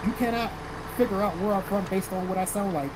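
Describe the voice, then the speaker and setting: A blunt, profane man from South Carolina hosts a casual livestream, reading viewer comments aloud and answering them. He talks in a plain, everyday way. Steady background noise sits under his voice, with vehicles passing now and then. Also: sits high, a little fast. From South Carolina, American South. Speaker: livestream host reading chat.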